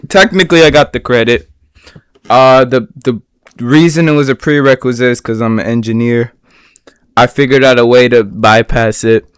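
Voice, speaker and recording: A young man telling a personal story on his vlog, animated and swearing, bursting into shouts. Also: medium pitch, clean tone, no room sound, clean studio sound. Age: young adult. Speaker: vlogger.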